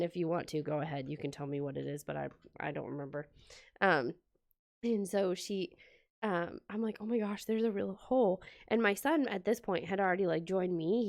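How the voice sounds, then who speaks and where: A planner vlogger at home decorates her planner while chatting and telling a story, acting out the quotes and using lots of "like." Her voice is fairly low, gravelly and darkish, captured in a dry, studio-quality recording.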